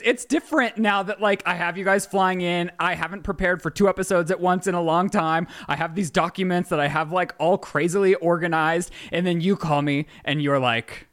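A man with a fairly high voice hosts a casual podcast. He tells his side of the story in a wry, laid-back way. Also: fairly bright tone. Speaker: podcast host.

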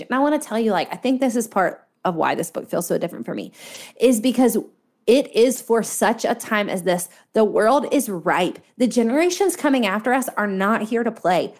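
A woman's voice: fairly high pitch, expressive, moderate pace, a little mellow. A woman in her thirties, a guest author talking in a faith-based podcast conversation, earnest and emphatic, repeating key points. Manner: earnest, preachy, emphatic repetition.

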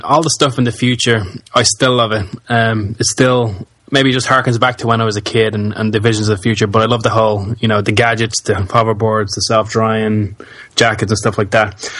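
A man reflecting on a film in an easy, relaxed way, stumbling over a word now and then. His voice sits at a middle pitch. The sound is dry. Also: no echo. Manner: relaxed, reflective, with stammered restarts. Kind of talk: casual film review chat.

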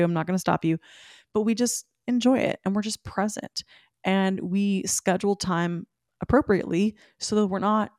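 A woman hosting a solo podcast. She gives listeners animated, emphatic pep talks and speaks to them directly. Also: medium pitch, no room sound, clean studio sound. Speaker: podcast host. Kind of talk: solo podcast talk, motivational.

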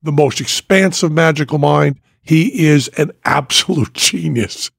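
A man hosting a podcast, telling a story in an animated, casual way and laughing as he goes. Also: fairly high pitch, unhurried, no room sound, studio quality. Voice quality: gravelly and husky. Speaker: podcast host.

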